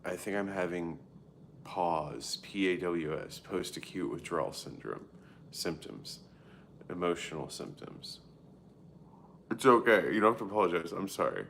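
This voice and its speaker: A man in his thirties with a low, creaky, slightly bright voice chats candidly on a livestream, animated but a little slow, with a faint hiss or hum. He curses freely, rambles with a constant "like," interrupts himself, and answers viewers as he goes.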